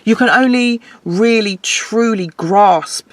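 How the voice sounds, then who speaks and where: A woman in an interview, talking earnestly and reflectively and laughing easily. Her voice sits at an ordinary middle pitch, and the sound is close and dry with no room echo. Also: slow. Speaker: guest musician. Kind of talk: casual interview chat.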